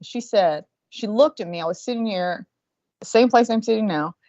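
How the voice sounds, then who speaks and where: A woman's voice: medium pitch, moderate pace, warm tone, no echo. A woman in her forties, co-hosting a podcast and telling stories in casual chat, with lots of profanity. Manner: profane storytelling. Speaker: podcast co-host. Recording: muffled lo-fi sound.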